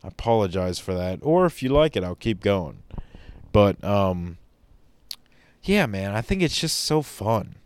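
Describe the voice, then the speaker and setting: A man's voice: lowish voice, sing-song, a little slow, smooth. A man hosting a solo podcast, rambling in an enthusiastic, preachy motivational way. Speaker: podcast host.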